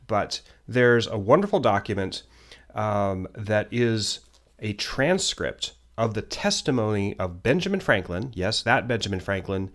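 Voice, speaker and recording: A man teaching a history lesson in a loose, conversational way, pausing often with ums and uhs. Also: on the low side, fairly bright tone. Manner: conversational, many ums and uhs, self-deprecating asides. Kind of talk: unscripted history lecture.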